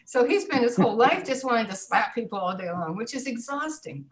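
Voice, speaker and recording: A woman's voice: a little high, lively intonation, a little fast, rough recording. Woman, 60s, former teacher as guest; storyteller who animates the quoted dialogue. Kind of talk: personal storytelling.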